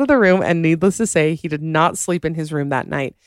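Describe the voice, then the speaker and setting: A woman hosting a podcast, chatting casually and reading listener stories in an animated, giggly way. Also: low-pitched, fairly quick, clean tone, no room sound, studio quality. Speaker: podcast host. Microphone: podcast microphone.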